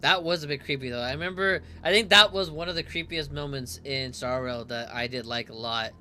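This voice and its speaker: Young dude doing a chill let's-play, super bright cutting voice, kinda rambly. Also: male voice, mid-range voice, a little hiss or hum. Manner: rambling, hedging with "kinda like", quick to laugh. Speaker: streamer reacting to a game. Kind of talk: casual let's-play commentary.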